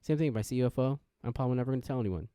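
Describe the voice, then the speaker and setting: A man hosting a podcast, rambling through a casual intro rant and jumping into sudden excitement. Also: medium pitch, racing, smooth, no room sound, studio quality. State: wired on energy drink. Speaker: podcast host.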